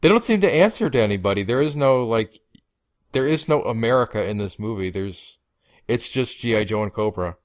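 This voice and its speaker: A man's voice: mid-range voice, expressive, brisk, no room sound, clean studio sound. A man from Canada, a guest on a movie commentary podcast, rambling with many fillers and restarts.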